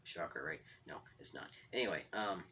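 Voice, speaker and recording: Bright-voiced man rambling through a story. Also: low voice, animated, brisk, a little hiss or hum. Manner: self-deprecating, meandering, trips over words. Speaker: storyteller drawing on camera. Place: bedroom at home.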